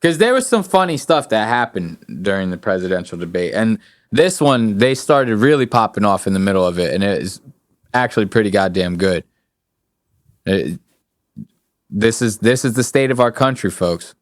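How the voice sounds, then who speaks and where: A man's voice: fairly low pitch, animated, moderate pace, no room sound, clean studio sound. A young man hosting a podcast in casual chat, loose and profane, laughing often and slipping into impressions of people in his stories. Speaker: podcast host.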